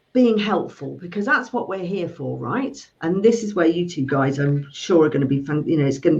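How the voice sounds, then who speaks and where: A middle-aged woman, a money coach chatting and telling stories, often acting out voices. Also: on the low side. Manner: animated storyteller, acts out voices. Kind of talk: casual video chat. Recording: dull lo-fi sound.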